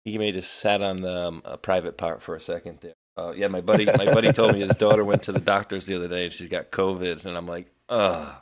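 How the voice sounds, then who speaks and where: A man with a very low voice co-hosts a live talk stream, talking in a loose, rambling way full of restarts and asides. He sounds indignant as he chats about current events. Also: steady tone, fast talker, hardly any pauses, a crowd in the background. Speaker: co-host of a weekly live show. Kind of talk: casual political chat.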